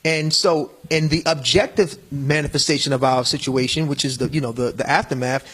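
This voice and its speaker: A man's voice: mid-range voice, fairly even intonation, a little fast, fairly bright tone, slightly rough. A middle-aged man speaking earnestly in a casual discussion, with a preachy tone, often repeating words. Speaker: panel guest.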